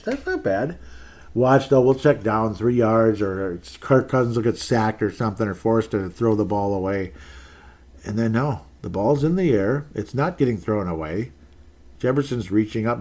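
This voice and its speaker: An exasperated man talks sports on his own show, rambling from one complaint to the next. His voice sits fairly low, and he breaks into sarcastic mock-cheer before sinking back into grumbling. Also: a little mellow. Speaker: sports podcast host. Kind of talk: ranting solo commentary.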